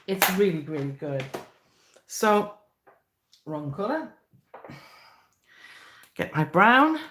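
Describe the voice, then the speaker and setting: A woman's voice: fairly low pitch, a bit bright. A middle-aged woman giving a live cake decorating demonstration, chatty and encouraging with many fillers.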